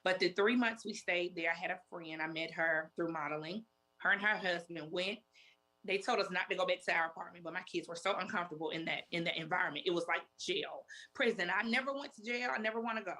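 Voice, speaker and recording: A woman in her forties, a talk show guest, telling her story in a halting way and repeating herself often. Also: lowish voice, sharp tone. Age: 40s. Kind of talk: emotional interview testimony.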